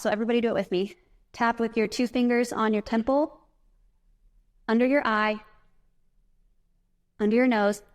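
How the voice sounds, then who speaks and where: A woman giving a casual, upbeat motivational talk to a live audience at a conference, chatty and full of fillers, guiding the room through breathing exercises. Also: mid-range voice. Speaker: motivational speaker. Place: conference presentation.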